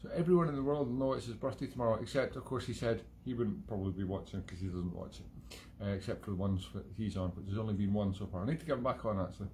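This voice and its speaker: A man's voice: on the low side, fast, hardly any pauses, darkish tone, a little hiss or hum. A Scottish man hosting a live-streamed music show from home, chatting in a rambling, digressive way with self-mocking humour. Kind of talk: rambling casual monologue.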